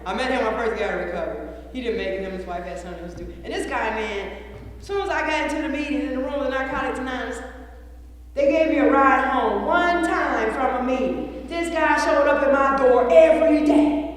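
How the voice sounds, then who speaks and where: A high-voiced woman giving a blunt, earthy recovery testimony, swearing as she goes. She is picked up from far off by a room mic. Her voice rings with a long, hollow echo. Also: fast, slight background noise. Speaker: recovery meeting speaker. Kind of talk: personal testimony talk. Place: large meeting room.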